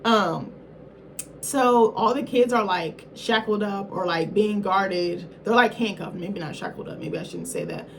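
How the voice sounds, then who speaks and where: A woman's voice: medium pitch, big pitch swings, measured pace, a little hiss or hum. A woman reviewer giving a casual film recap in a rambling, slangy, profane way, often correcting herself mid-thought.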